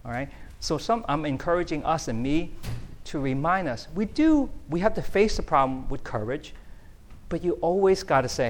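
A man's voice: on the high side, lively intonation, moderate pace. A middle-aged man, preaching a conversational sermon that keeps checking in with the audience. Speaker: pastor.

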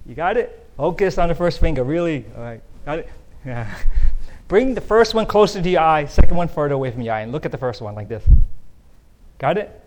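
A man's voice: a little high, animated, fairly quick, darkish tone. A middle-aged man, preaching a conversational sermon that keeps checking in with the audience. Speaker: pastor.

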